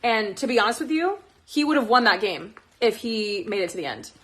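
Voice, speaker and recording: Gushing, excitable young woman streamer. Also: fairly high pitch, brisk. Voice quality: excitable, swears a lot, gushing. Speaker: livestreamer. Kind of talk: casual livestream chat. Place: at home, moving plants indoors. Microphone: phone.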